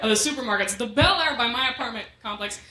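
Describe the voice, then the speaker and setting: A woman working as MC and stand-up comic, doing a club set and bantering with the crowd in quick asides. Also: on the high side. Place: comedy club stage with a live audience. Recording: echoey club room with loud noise.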